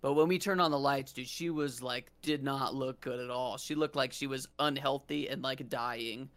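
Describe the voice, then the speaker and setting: A man's voice: medium pitch, steady tone, moderate pace, a bit bright. A young adult man hosting a podcast, telling a story in a casual, rambling way and dropping "dude" often. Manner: laid-back, says "dude" often, rambling restarts. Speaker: podcast host.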